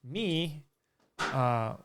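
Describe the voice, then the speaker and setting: A man's voice: on the high side, lively intonation, extremely slow, a bit bright, a little hiss or hum. A young man hosting a casual solo podcast from a small curtained room, telling stories in a rambling way with frequent restarts. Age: young adult. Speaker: podcast host.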